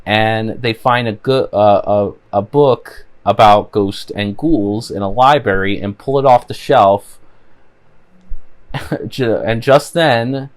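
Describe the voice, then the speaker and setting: A man's voice: on the low side, takes it slowly. A man casually recapping a cartoon episode, rambling with frequent fillers and restarts. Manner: rambling, many "you know" fillers. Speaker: show reviewer.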